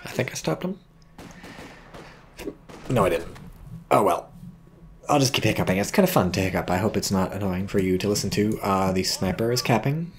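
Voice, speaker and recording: A man's voice: fairly low pitch, expressive, moderate pace, long pauses, slight background noise. A man casually commentating a strategy game match, with a dry, rambling manner and hiccups, reading viewer chat aloud. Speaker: game caster.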